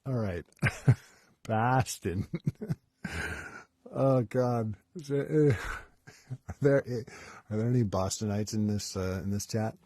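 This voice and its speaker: A man on a live stream, reading poetry theatrically with long pauses and chuckling in between. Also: on the low side, warm tone, dry recording, clean studio sound.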